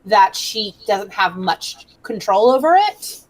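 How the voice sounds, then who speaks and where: A woman's voice: medium pitch, slow, poor audio. Chatty woman at a game table. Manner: chatty, expressive reactions. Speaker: player. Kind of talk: casual tabletop play.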